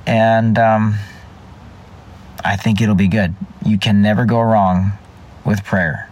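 A man's voice: lowish voice, steady tone, slow, long pauses, a little mellow, slight background noise. A man speaking earnestly in a personal faith reflection, often repeating and restarting his phrases. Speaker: vlogger.

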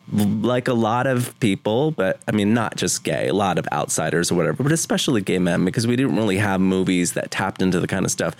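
Earnest low-voiced male guest. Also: no room sound. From Vermont, USA. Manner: earnest, emotional storyteller, rambling with restarts. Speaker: guest, home video producer. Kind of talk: conversational interview.

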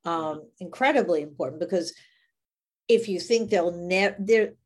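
Slow-talking woman in a podcast chat. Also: on the low side, a little mellow. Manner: emphatic, lists examples, many fillers. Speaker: podcast co-host.

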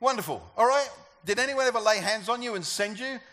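A man's voice: very high voice, lively intonation, brisk, sharp tone. A man preaching a sermon to a church gathering, talking conversationally and asking the congregation questions. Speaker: pastor.

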